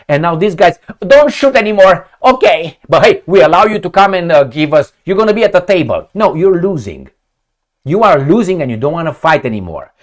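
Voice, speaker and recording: A man giving a sarcastic, profane political monologue to his audience. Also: fairly high pitch. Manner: animated, sarcastic, profane, mocking put-on quotes. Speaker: political commentator. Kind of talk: opinionated solo monologue.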